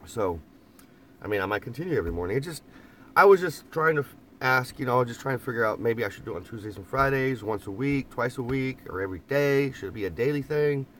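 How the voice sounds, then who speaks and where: In a camper van, a man reads his live chat in a casual, rambling way, often laughing and repeating phrases. His voice is lowish with a fairly bright tone, and there's a little hiss or hum.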